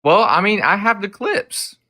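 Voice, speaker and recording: A man hosting a livestream debate panel, measured and trying to calm things down. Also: high voice.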